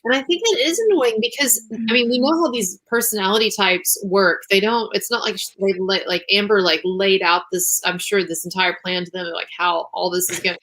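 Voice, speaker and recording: A woman's voice: medium pitch, fairly even intonation, fairly quick, hardly any pauses, a bit bright, low-quality recording. Exasperated woman livestream guest. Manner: exasperated, scornful, many fillers. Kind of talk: casual livestream chat.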